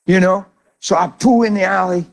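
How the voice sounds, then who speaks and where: A man preaching as a pastor, teaching about prayer with earnest, animated storytelling. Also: high-pitched, normal speed.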